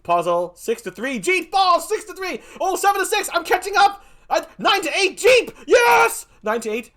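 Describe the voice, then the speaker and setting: Animated bright-voiced male stream host. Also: extremely high pitch, moderate pace. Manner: theatrical, excitable, counting votes aloud like an auctioneer. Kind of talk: live stream game show hosting.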